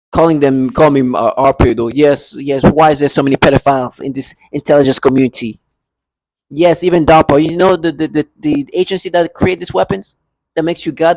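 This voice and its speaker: A man with a slightly high, gravelly voice rants in an agitated monologue, circling back to the same points and breaking into bitter laughs. He records in his apartment, and the sound is dry and close. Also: darkish tone, dry recording. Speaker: vlogger. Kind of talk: angry monologue to camera.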